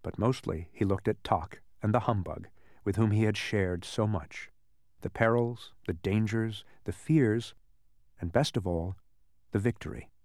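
A man reading a children's storybook aloud as narrator, in an expressive way. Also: on the low side, measured pace, dry recording, clean studio sound.

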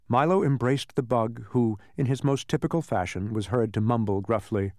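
A man reading a children's storybook aloud as narrator, in an expressive way. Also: lowish voice, moderate pace, few pauses, no room sound, clean studio sound.

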